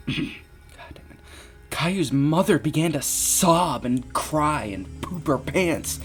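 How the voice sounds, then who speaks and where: Slow, swearing male story reactor. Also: fairly high pitch, expressive, faint music behind. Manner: profane, exclaiming, breaks into laughter. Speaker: creepypasta narrator and commentator. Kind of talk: reading a story with reaction commentary.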